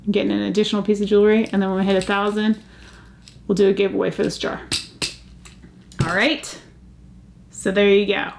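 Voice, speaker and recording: Lady vlogging about jewelry, bit of vocal fry, gets all excited, faint hiss behind. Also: mid-range voice. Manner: chatty, easily excited, gasping over finds. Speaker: jewelry channel host. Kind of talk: casual vlog chat.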